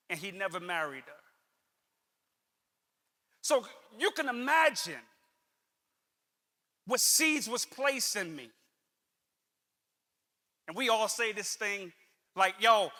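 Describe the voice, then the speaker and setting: A man's voice: very high voice, animated, a little slow, long pauses, pushed and bright, long reverb tail. A middle-aged man telling a personal story as a motivational speaker, earnest and conversational, repeating lines for emphasis.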